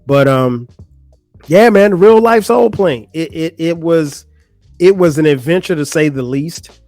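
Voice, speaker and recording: A young adult man hosting his own podcast, telling a story in a casual, animated way, full of slang and restarts. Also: on the high side, unhurried, no echo, soft background music. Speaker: podcast host.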